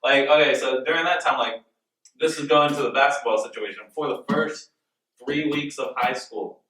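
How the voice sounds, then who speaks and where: A man's voice: medium pitch, fairly bright tone. A young man telling a rambling story in a casual group discussion, filling his talk with "like". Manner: fast, rambling storytelling with many "like"s. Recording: echoey room, mic at a distance.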